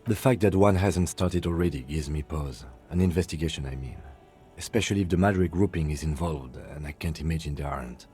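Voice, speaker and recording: An actor playing a composed, precise police lieutenant in a video game, speaking in a low, husky voice. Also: male voice, a little fast, warm tone, soft background music. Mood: cautious. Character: calm, measured male police lieutenant partner.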